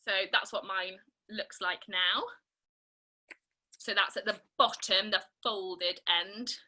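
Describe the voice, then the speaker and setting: A woman's voice: mid-range voice, fairly even intonation, rough recording. A young woman leading an online family theatre and craft session, playful and encouraging as she guides children step by step. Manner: bright, playful and encouraging, speaking slowly to children. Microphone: video call.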